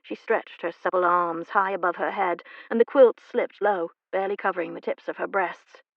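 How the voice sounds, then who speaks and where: A woman narrating a romance audiobook with a steady, measured, gravelly reading. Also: lowish voice, no room sound, muffled recording. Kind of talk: scripted narration.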